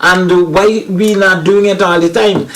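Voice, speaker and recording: A Guyanese man with a slightly raised pitch talks in a loose, rambling way on a panel show. He circles back and restarts phrases as he builds his point, earnest and plain-spoken. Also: steady tone, measured pace, fairly bright tone, a little hiss or hum, low-quality recording. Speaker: comedian guest. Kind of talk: casual panel chat.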